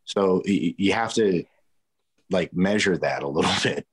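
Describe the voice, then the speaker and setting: Deep-voiced guest, laid-back and profane, on a choppy online connection. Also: male voice, normal speed, slightly rough, poor audio. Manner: relaxed, swears casually. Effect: glitchy internet audio. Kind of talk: casual chat.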